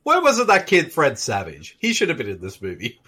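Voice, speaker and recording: A man co-hosting a casual movie commentary podcast, jokey and quick to laugh. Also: medium pitch, huge pitch swings, pushed and bright, slightly rough. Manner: jokey, laughs often, swings up and down. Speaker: podcast co-host.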